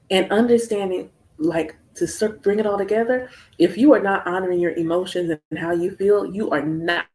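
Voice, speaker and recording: An American woman hosting a casual livestream chat, talking in an animated, storytelling way with playful asides. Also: on the low side. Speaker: spiritual practitioner hosting a livestream.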